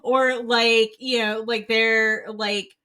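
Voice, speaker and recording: Slow, bright-voiced woman podcast co-host. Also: a little high, flat delivery, smooth. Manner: rambling, many fillers and restarts. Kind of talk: casual book club chat.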